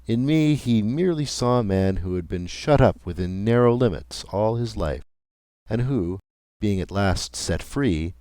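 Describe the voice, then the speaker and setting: A man reading a classic ghost story aloud in scripted audiobook narration, measured and deliberate. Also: sits low, darkish tone, no room sound.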